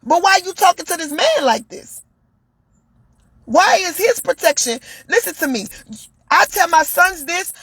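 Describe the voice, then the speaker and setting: A woman's voice: very high-pitched, very animated, measured pace, pauses often, a bit bright, dry recording. A woman telling a personal story and delivering an impassioned monologue, repeating phrases for emphasis. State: shaken, near tears at times. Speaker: commentator.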